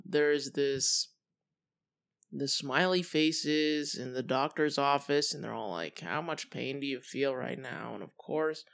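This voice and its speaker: Relaxed young podcast host, chatty. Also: medium pitch, clean tone. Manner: relaxed, chatty, with many fillers and trailing thoughts. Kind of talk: casual solo podcast talk.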